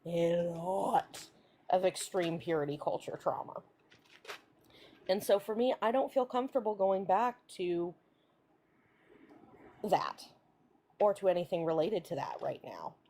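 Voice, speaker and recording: A woman from the American South speaks in a lowish voice. She talks in a reflective, searching way as a caller. A faint hiss sits behind her voice. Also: lively intonation, measured pace, long pauses, warm tone. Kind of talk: casual chat.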